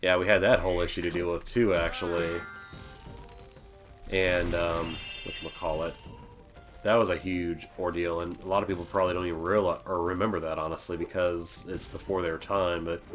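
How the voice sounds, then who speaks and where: A man's voice: low-pitched, little pitch movement, normal speed, a bit bright. A young man from Florida casually commentating a video game, rambling and joking on tangents. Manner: rambling, jokey, going off on tangents. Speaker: let's play host. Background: game music.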